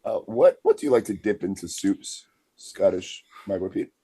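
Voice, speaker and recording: A man co-hosting a comedy podcast in loose, casual chat. He tosses out playful prompts, trailing off with hesitant fillers. His voice is low and mellow, yet it moves around freely in pitch. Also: expressive, moderate pace, husky, no echo. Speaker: podcast co-host.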